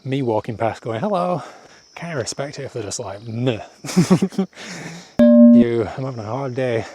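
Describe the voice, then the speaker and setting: Walking village paths outdoors, a travel vlogger talks fast to his camera in a mid-range voice over background music. His casual monologue is rambling and self-deprecating, and he laughs often while sounding a little out of breath.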